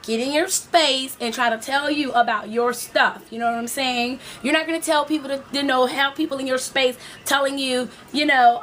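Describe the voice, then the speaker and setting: A woman coaching her viewers in a motivational video, her voice sitting fairly high. She preaches and repeats her points, speaking straight to the listener. A faint noise runs under the recording. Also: steady tone, normal speed, hardly any pauses, fairly bright tone. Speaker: life coach. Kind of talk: motivational video talk to women.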